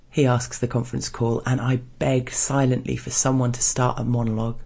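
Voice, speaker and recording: A man reading a first-person erotic story aloud in a soft, hushed, restrained way. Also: mid-range voice, little pitch movement, brisk, gravelly, few pauses. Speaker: story narrator.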